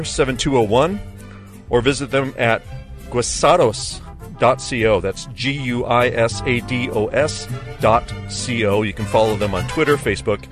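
A man hosting a food show, telling stories in an enthusiastic, chatty way. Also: mid-range voice. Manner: enthusiastic storytelling. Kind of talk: casual chat. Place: in a vehicle.

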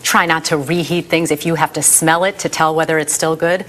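Low-voiced woman explaining health news. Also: fairly even intonation, fairly quick, a bit bright. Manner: clear explanatory delivery. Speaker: medical correspondent. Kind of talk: news interview.

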